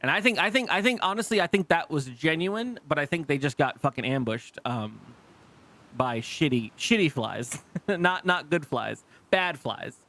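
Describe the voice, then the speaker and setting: A man with a slightly high, expressive voice and a bright, forceful tone streams live at a moderate pace. His casual gameplay commentary to chat rambles, full of restarts and fillers, and he swears freely and laughs easily.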